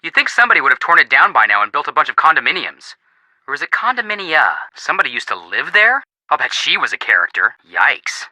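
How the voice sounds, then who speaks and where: An actor playing an excitable, starstruck teenage boy detective in a video game. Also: on the high side, quick pace, no room sound, full character voice, poor audio. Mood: curious. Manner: excitable, jumpy, star-struck.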